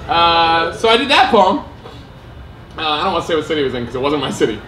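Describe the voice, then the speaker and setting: A man performing spoken word poetry on stage and telling stories between pieces, emphatic and self-mocking, quick to laugh. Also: fairly high pitch, very animated, sharp tone, recorded from a distance, a little hiss or hum. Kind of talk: live slam poetry and stage storytelling. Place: theater stage with audience. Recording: roomy live venue sound.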